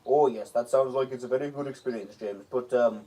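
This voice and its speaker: A man's voice: medium pitch, fairly quick, warm tone. Man playing a snappy stammering engine. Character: snappy, flustered engine Scarlet. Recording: dull, distant mic.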